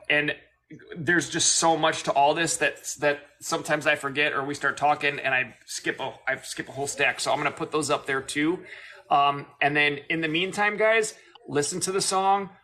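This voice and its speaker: A man's voice: a little high, pushed and bright, slight background noise. A man hosting a casual livestream chat, enthusiastic and rambling, often restarting his sentences. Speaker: host.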